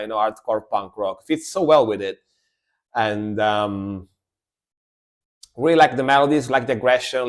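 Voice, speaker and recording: A medium-pitched man streams live reactions to metal and rock music. He talks casually and with enthusiasm, repeating his phrases and swearing now and then.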